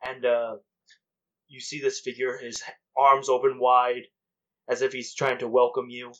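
A man narrating as game master for a tabletop game, measured and halting, with many fillers. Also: mid-range voice, completely flat delivery. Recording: dull lo-fi sound.

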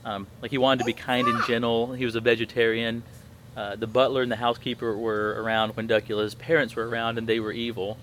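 A man's voice: medium pitch, fast, background noise. Rambling man in his thirties chatting. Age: 30s. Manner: rambling, many fillers and restarts, animated quoting. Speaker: podcast host. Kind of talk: casual chat.

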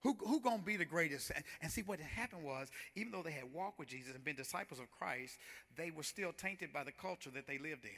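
Pastor, male, high and very bright voice, rhythmic sermon delivery with repetitions. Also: lively intonation, fairly quick, creaky. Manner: preaching with rising, rhythmic intensity and repetitions. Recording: long hall reverb.

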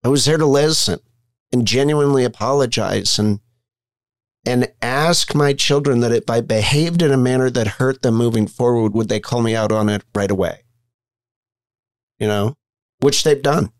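A man's voice: mid-range voice, moderate pace, no room sound. Frank middle-aged man telling stories. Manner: frank, conversational storyteller acting out quoted dialogue. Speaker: podcast guest, physician in recovery. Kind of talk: candid storytelling interview.

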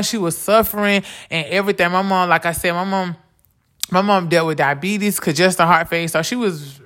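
Bright-voiced woman sharing her grief. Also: lowish voice. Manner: casual, repeats "like" often, earnest. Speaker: podcast host. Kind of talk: heartfelt personal talk on grief and faith.

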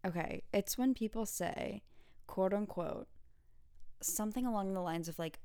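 A woman's voice: mid-range voice, measured pace, mellow, clean tone, no room sound, studio quality. A woman podcast host and student, ranting casually and with emphatic exasperation about her pet peeves. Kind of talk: casual rant.

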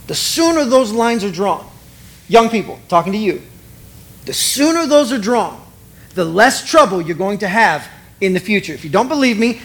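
A middle-aged man preaching a sermon, animated and conversational, acting out both sides of the dialogue he retells. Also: sits high. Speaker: pastor.

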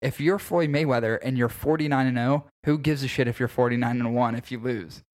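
A man co-hosting a casual podcast, talking about fights in an animated, opinionated way and swearing freely. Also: mid-range voice, brisk. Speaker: podcast co-host.

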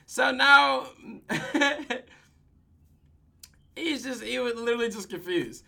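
Bright-voiced podcaster with AAVE speech. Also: mid-range voice, slow, creaky, long pauses. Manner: profane, laughing, animated retelling. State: tired late at night. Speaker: podcast host. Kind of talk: casual solo TV episode recap.

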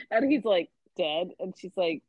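A woman's voice: fairly low pitch, a little mellow, dry recording. A woman in casual conversation, retelling scenes from a novel and quoting its characters. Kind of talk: casual book discussion. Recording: dull lo-fi mic.

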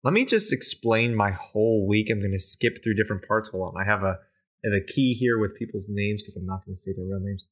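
A man's voice: lowish voice, a little fast, a bit bright. Rambling casual man telling a story. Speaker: podcast co-host. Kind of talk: casual chat.

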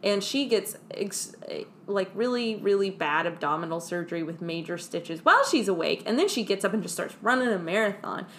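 A woman podcast host recapping a film in casual chat, animated and peppered with "like". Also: mid-range voice, fairly quick, hardly any pauses, slight background noise. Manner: animated, frequent "like", laughs between lines.

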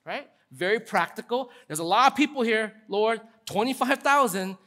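A man pastor delivering a sermon in a lively, conversational way, acting out quotes with casual asides. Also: high-pitched, normal speed.

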